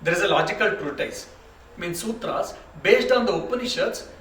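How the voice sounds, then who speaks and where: A monk leads a spiritual retreat, telling stories in a relaxed, conversational way and slipping into the voices of his characters. His voice sits a little high for a man. It reaches the mic from a distance in a roomy, echoing space with faint room noise. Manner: unhurried, conversational, with frequent restarts and asides. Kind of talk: spiritual lecture with storytelling.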